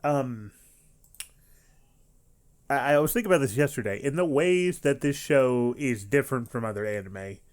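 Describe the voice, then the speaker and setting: A man streaming an anime reaction, talking casually and rambling with frequent restarts and animated outbursts. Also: medium pitch, moderate pace, pauses often.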